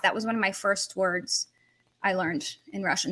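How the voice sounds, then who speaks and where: A woman teaching a language lesson on a livestream, animated, switching between languages as she explains. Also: medium pitch, moderate pace. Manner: animated, switches between English, Russian and Portuguese.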